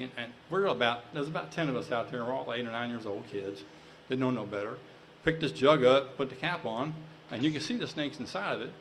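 A man's voice: mid-range voice, poor audio. Man, folksy drawling storyteller, tall tale to a crowd, faint hiss behind. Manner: folksy, drawling, building to excited shouts.

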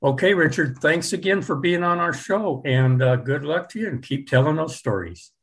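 A man's voice: on the high side, animated, moderate pace, fairly bright tone. A man hosting an interview program, casual and friendly. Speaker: radio host. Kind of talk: interview chat.

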